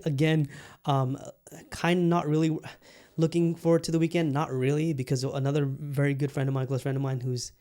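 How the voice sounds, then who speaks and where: A man's voice: fairly high pitch, little pitch movement, brisk, dark tone. A man hosting his own podcast, chatting casually and rambling with lots of fillers and casual swearing. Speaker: podcast host. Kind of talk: casual solo podcast chat.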